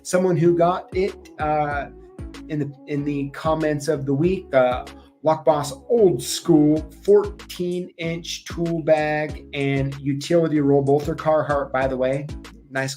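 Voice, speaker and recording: Male host for a casual live giveaway show, rambly and relaxed, with faint tunes underneath. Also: on the high side. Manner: chatty, rambling, with frequent ums and laughs. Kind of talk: casual livestream chat. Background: faint music playing.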